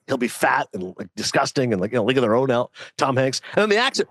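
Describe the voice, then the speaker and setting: A man's voice: medium pitch, sing-song, a bit bright, dry recording. A middle-aged man from Canada, a podcast guest who races through stories and acts out the quotes. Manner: quick anecdotes with acted-out quotes. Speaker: guest, film and sports commentator. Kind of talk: casual chat.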